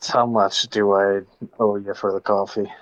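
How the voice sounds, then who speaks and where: A man's voice: fairly low pitch, flat delivery, measured pace, poor audio. A man playing a tabletop game, joking and laughing at the table. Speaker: player. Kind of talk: casual tabletop role-play.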